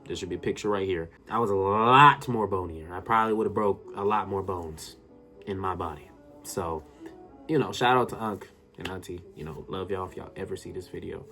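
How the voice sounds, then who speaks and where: A man telling a personal story to his viewers in a casual, excitable way, often addressing them directly. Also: sits low, fairly quick, faint music behind. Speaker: storytime YouTuber.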